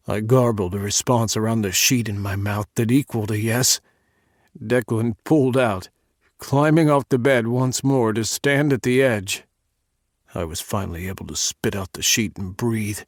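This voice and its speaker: Male audiobook narrator, low voice, unhurried intimate delivery, dry close-mic sound. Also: dry recording. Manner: slow, measured, intimate reading. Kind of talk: first-person scripted audiobook narration.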